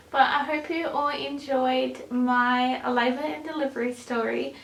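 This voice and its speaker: A woman's voice: high-pitched, steady tone, a little slow, gravelly, few pauses, slight background noise. A young woman vlogger telling a personal story to camera in a chatty way, with many ums and likes. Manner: chatty, many "um"s and "like"s, bursts of laughter. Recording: echoey room.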